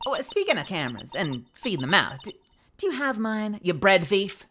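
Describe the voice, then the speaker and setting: A woman's voice: mid-range voice, sing-song, moderate pace, loud music behind the voice, natural voice. A woman voicing a brash young female photographer in a video game, pushy and folksy with a put-on drawl. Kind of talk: playing a game character aloud.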